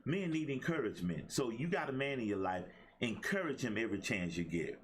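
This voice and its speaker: A man's voice: mid-range voice, very animated, fairly quick, slight background noise. A middle-aged man hosting a motivational livestream, talking in a preachy call-and-response style. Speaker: host and life coach.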